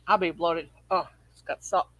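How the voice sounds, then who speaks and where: A woman's voice: on the low side, steady tone, normal speed, a bit bright, no room sound, muffled recording. A woman hosting a casual livestream, chatty and teasing. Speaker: livestream host.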